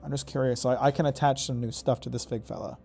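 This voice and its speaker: A man's voice: medium pitch, steady tone, fast talker, gravelly, darkish tone, soft background music. A man giving casual gameplay commentary, rambling and joking, often correcting himself mid-sentence. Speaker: gaming YouTuber.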